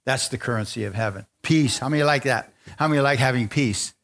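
A man preaching a sermon to a congregation, lively, laughing often and asking for amens as he retells scripture stories. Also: fairly quick. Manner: animated, asks the congregation for amens; laughs often, acts out quotes in a higher voice. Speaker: pastor.

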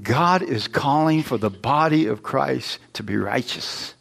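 A man's voice: medium pitch, lively intonation, unhurried, gravelly, a bit bright, faint music behind. A man preaching a sermon, emphatic and questioning his congregation, rising into exclamations. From United States.

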